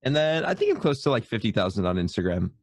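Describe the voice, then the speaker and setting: A man's voice: medium pitch, sing-song, fast, no room sound. A man in his twenties, a podcast guest, talking casually in a modest, hesitant way with many fillers. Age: 20s.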